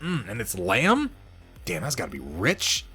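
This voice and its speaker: A slightly hoarse man hosting a casual hobby livestream, reading viewer posts and chatting with mild swearing. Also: lowish voice, huge pitch swings, moderate pace, sharp tone, faint music behind. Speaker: host of a miniature painting stream.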